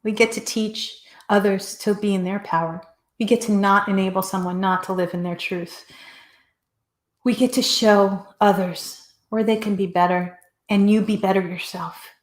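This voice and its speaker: A woman's voice: mid-range voice, fairly even intonation, moderate pace. A woman hosting a talk show, delivering a passionate motivational speech in a repetitive, rallying cadence. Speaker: host. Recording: echoey room.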